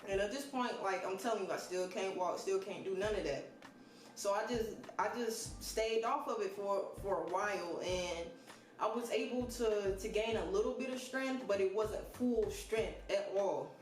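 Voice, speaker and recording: A vlogger with a high-pitched voice tells a casual storytime to camera at a normal pace, staying loose, profane, and joking throughout. The room has an echo, and faint music plays in the background.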